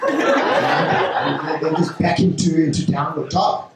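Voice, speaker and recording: A man doing a stand-up set on a club stage, talking haltingly with lots of fillers. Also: a little high, fairly even intonation, background noise. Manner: halting delivery with many fillers. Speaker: stand-up comedian. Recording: echoey club from a distant mic.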